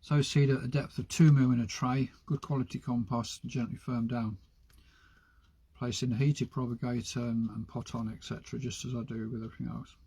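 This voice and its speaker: A man's voice: mid-range voice, level tone, brisk, gravelly, dark tone, breathy edge, no echo. A man hosting a gardening live stream, chatting casually and rambling to himself as he sows seeds in a greenhouse. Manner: chatty, rambling, talks to himself while potting. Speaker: gardening channel host. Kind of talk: casual live-stream chat while working.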